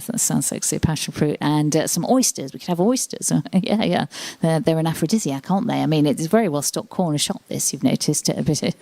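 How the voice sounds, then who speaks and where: In a library arranged as a TV studio, a forties-aged female comedian works a handheld microphone through a self-deprecating stand-up routine, dropping into brief acted asides. Her voice is medium-pitched and darkish, and the recording is dry.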